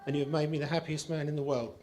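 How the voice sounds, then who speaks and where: A man's voice: a little high, little pitch movement, very fast, heavy background noise. A man giving his groom's speech at a wedding, reading a prepared text with self-mocking humour and affection. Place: wedding reception, indoors.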